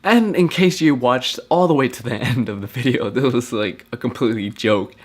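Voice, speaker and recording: A young man vlogging to camera, joking and slangy, with a deadpan prank delivery. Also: medium pitch, moderate pace. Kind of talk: joking vlog talk to camera.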